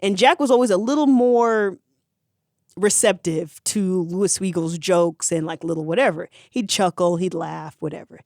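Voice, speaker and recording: Slangy podcast storyteller joking thru a history tale, mid pitch, dry sound. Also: moderate pace, dry recording. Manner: animated, slangy and profane. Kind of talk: comedic history retelling.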